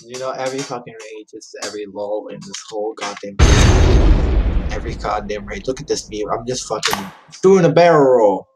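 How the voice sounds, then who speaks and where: A woman's voice: a bass voice, moderate pace, very noisy. A young woman commentating her gameplay, swearing and ranting in frustration as she keeps failing. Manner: swearing, frustrated, yelling at the game. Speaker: gaming YouTuber.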